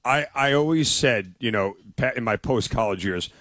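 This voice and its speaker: A man's voice: mid-range voice, lively intonation, moderate pace, a bit bright, dry recording. Enthusiastic male sports talk co-host. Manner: enthusiastic storyteller, repeats himself.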